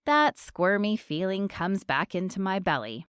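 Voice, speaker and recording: A woman narrating a romance audiobook in the first person, expressive and storytelling. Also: mid-range voice, unhurried, hardly any pauses, clear, resonant tone, no room sound, clean studio sound.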